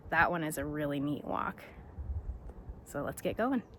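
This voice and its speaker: A woman films herself on a mountain trail, chatting in a relaxed, low-key way. She speaks slowly with a slightly low voice. Faint outdoor noise sits under her voice. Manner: relaxed, unhurried, with fillers like "um" and "so". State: out of breath at times. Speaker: hiking vlogger. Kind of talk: casual vlog narration on the trail.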